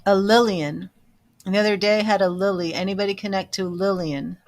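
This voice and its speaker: A woman hosting a live psychic reading stream speaks in a chatty, self-amused way, calling out names to her viewers. Her pitch sits in an ordinary middle range, and she slips into quiet murmured asides between questions. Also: fairly even intonation, brisk. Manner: chatty, laughs at herself, drifts into soft murmured asides. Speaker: psychic medium reader.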